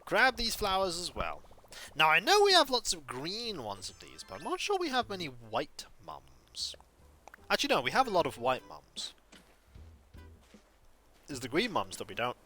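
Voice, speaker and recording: Lively, bright-voiced man streaming a game. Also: on the high side, moderate pace, pauses often, faint music behind. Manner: chatty, muttering asides to chat. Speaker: streamer playing a life-sim game. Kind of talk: casual gameplay commentary.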